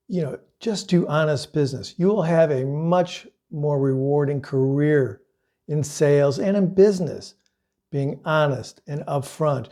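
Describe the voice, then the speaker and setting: A man's voice: on the high side, dark tone. A middle-aged man and sales coach telling a personal story as a lesson, in an earnest, conversational way with casual fillers.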